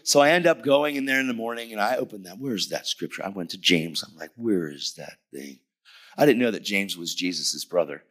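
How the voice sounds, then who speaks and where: A middle-aged man preaching a lively sermon, telling stories animatedly and shouting at the peaks. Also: on the low side, fast, few pauses.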